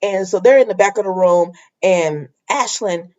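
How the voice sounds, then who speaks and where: A woman's voice: medium pitch, moderate pace, a little mellow, highs cut off. A woman chatting casually as a soap opera recap vlogger, talking straight to her viewers and the characters. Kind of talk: casual chat.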